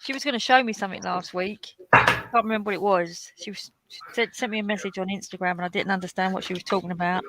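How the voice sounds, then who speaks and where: A woman's voice: medium pitch, fairly even intonation, fast, noisy background. A woman hosting a live colouring stream, telling chatty anecdotes in casual talk. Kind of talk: casual chat.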